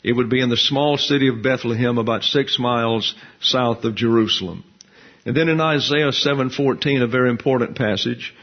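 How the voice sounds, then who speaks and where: A man gives an expository Bible lesson at a measured, deliberate pace, slowing further whenever he reads a verse aloud. His voice sits at an ordinary middle pitch. The recording sounds a little dull and muffled. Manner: measured, deliberate, slows to read scripture aloud. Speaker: pastor.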